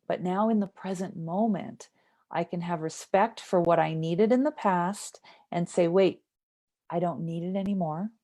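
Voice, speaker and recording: A woman with a lowish voice speaks as a somatic trauma therapist in an interview. She explains things earnestly and keeps checking that the listener follows. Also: measured pace, mellow.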